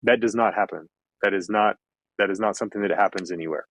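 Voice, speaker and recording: A man from Kentucky with a General American accent, a former visa officer calmly explaining in an interview and repeating his key points. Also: on the low side, quick pace, poor audio. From Kentucky, USA. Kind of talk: interview answers.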